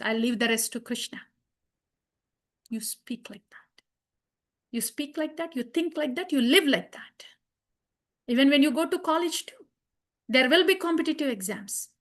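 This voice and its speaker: Earnest high-voiced woman teaching children. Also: moderate pace, pauses often, fairly bright tone. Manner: earnest, repeats phrases, asks the class questions. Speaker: Bhagavad Gita teacher for children. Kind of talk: class teaching with verse chanting.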